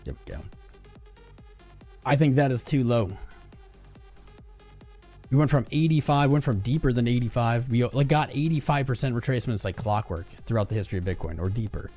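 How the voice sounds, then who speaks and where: A man's voice: mid-range voice, brisk, pauses often, mellow, faint music behind. A man hosting a live crypto trading stream, chatting casually, thinking aloud and reading out viewers' price guesses from chat. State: chapped cuticles from cold weather. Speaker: livestream trading host.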